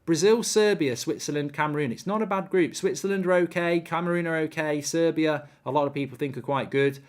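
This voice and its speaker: A man's voice: on the high side, brisk. A man hosting a live football watchalong, chatting casually, reading out viewer comments and rambling with repeated words.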